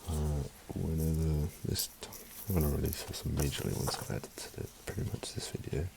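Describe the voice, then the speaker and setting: A man's voice: rumbling low, steady tone, fairly quick, vocal fry, noisy background. A man vlogging in casual chat, rambling and emotional, swearing often.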